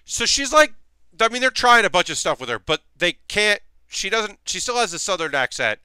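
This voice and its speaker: Brief: male streamer, bright tense voice, rambly casual chat from a home workshop. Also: high-pitched, sing-song, normal speed, clear, resonant tone, dry recording, studio quality. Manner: rambling, chatty, many fillers. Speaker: streamer building costume armor.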